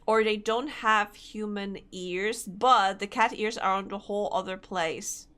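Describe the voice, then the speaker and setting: A woman's voice: medium pitch, unhurried, fairly bright tone, clear, resonant tone. A young woman, chatting casually with her live-stream audience, giggly and chatty. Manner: giggly, chatty, reacting to chat.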